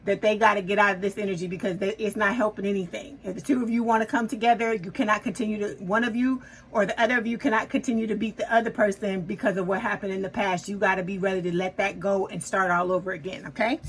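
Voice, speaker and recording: A woman's voice: mid-range voice, steady tone, quick pace, hardly any pauses, a little hiss or hum, low-quality recording. A woman giving a casual tarot reading to her viewers, chatty and reassuring, often checking in with "okay?". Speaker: tarot reader.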